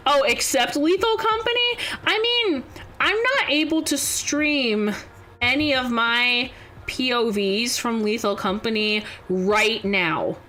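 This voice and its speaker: A young woman streamer, chatting casually and rambling through stories with frequent giggles. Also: fairly high pitch. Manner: giggly, rambling, animated storytelling. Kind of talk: casual chat.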